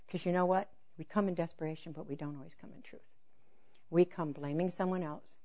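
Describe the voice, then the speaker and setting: A woman preaching a sermon through personal stories, acting out dialogue with laughter, then dropping to a soft, intense hush on key points. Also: lowish voice, steady tone, a little fast, dull audio.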